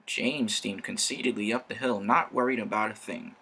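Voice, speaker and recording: A man narrating a children's story with a lively delivery. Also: fairly low pitch, moderate pace, slightly rough.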